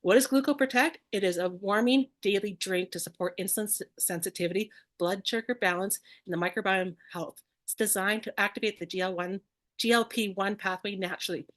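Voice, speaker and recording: A woman's voice: medium pitch, a little fast, a bit bright. A woman co-presenting an online class over a video call, bubbly and tripping over ingredient names.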